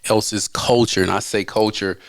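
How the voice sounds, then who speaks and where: A man, co-hosting a casual podcast and talking bluntly and profanely, with animated swings in his delivery. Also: on the low side, normal speed, dry recording. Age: late 30s. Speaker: podcast host.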